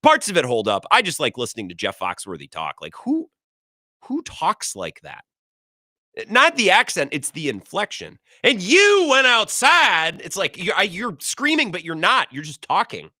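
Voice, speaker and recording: A man hosting a sports talk radio show, giving opinionated takes in a sarcastic, animated way. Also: a little high, dry recording, clean studio sound. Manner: animated, sarcastic, quick asides.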